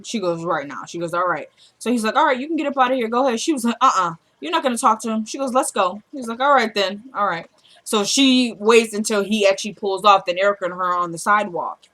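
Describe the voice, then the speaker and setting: A woman's voice: mid-range voice, lively intonation, quick pace, fairly bright tone. Woman casually recapping a TV episode. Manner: retells scenes by acting out lines. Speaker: show recapper.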